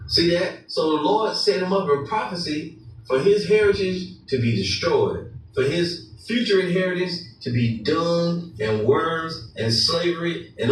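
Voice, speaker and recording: A man preaching a combative, mocking sermon, switching to slow, solemn scripture reading. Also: a little high. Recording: very echoey room, voice far from mic, faint noise.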